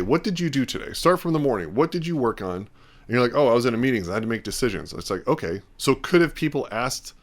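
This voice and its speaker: A man's voice: on the low side, fairly bright tone. A man hosting a podcast, talking in a casual, rambling way and acting out bits of quoted dialogue. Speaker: podcast host. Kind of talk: casual talk.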